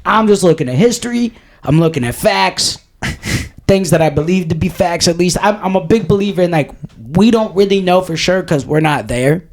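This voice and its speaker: A man's voice: high-pitched, lively intonation, moderate pace, a little hiss or hum. A man co-hosting a podcast in casual chat, talking in a profane, rambling, jokey way. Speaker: podcast co-host.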